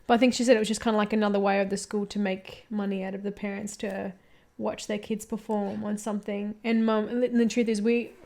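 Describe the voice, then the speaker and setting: A young woman, co-hosting a casual chat and telling school stories in a chatty, animated way. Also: medium pitch, quick pace. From Australia. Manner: chatty, animated storytelling with laughter. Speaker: podcast co-host.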